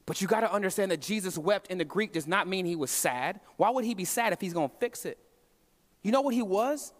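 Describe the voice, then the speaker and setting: A man preaching a sermon as pastor. His delivery is impassioned, swinging between hushed moments and emphatic calls. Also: sits high, expressive, brisk. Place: church sanctuary. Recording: long reverb of a large hall.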